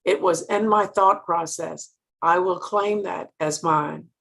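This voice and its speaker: A woman's voice: on the low side, takes it slowly, creaky, a bit bright. An older woman from Mississippi, giving an earnest motivational sales talk and asking her listeners direct questions.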